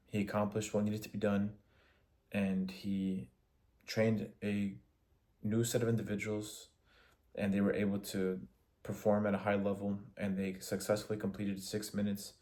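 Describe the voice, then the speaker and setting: Low, flat-voiced man analyzing a film. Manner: measured, in short phrases with restarts. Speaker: student. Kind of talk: spoken film analysis for a class assignment.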